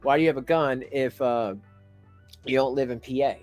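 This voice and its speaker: A man's voice: mid-range voice, fairly even intonation, moderate pace, darkish tone, faint music behind. A man giving mocking reaction commentary on a livestream, laughing often. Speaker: commentary streamer.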